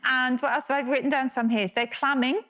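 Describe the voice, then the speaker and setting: A woman's voice: high-pitched, fairly even intonation, brisk, a bit bright. A woman co-hosting a live podcast on a theatre stage, explaining word origins with enthusiasm. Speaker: podcast co-host, language expert. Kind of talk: live podcast banter before a theatre audience.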